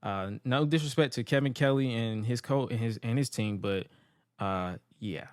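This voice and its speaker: A man's voice: mid-range voice, moderate pace, a little mellow, no echo, clean studio sound. A man co-hosting a podcast, chatting casually about wrestling, loose and rambling, tripping over names. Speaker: podcast co-host.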